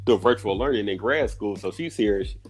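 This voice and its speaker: A man's voice: lowish voice, a little fast, slight background noise. A man in casual chat, telling a story with frequent laughter.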